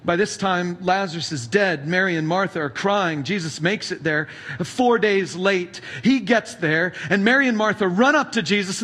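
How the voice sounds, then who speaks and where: A man's voice: sits high, moderate pace, hardly any pauses, a bit bright. A male pastor preaching a sermon, retelling stories casually and animatedly. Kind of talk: sermon storytelling.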